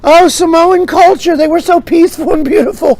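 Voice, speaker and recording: A man's voice: very high-pitched, fairly even intonation, a little fast, a little mellow, pitched above the performer's own voice. A man putting on the voice of a whiny, easily offended scold complaining indignantly. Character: shrill easily offended scold, any age.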